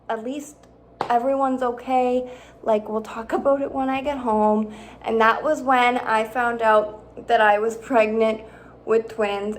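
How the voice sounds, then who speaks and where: High-pitched young woman telling a dramatic story. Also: slight background noise. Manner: dramatic, animated retelling with acted-out quotes. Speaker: vlogger. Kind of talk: casual story time.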